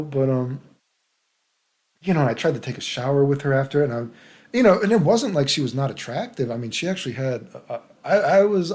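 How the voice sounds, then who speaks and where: A man of middle pitch tells a story in a loose, casual vlog. He rambles and talks crudely, restarting his sentences and tagging them with "dude" and "right?". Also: gravelly, darkish tone.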